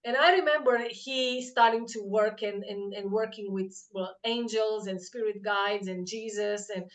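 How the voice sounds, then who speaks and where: A woman in casual conversation, telling a personal story with lots of fillers and animated quoted voices. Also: mid-range voice, unhurried. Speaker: podcast host.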